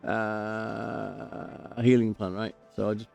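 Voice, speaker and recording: A man's voice: fairly low pitch, level tone, takes it slowly, creaky, few pauses, darkish tone, lo-fi sound, faint music behind. A man giving casual, chatty gameplay commentary, talking to himself and cracking jokes as he plays. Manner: chatty, self-talking, jokey.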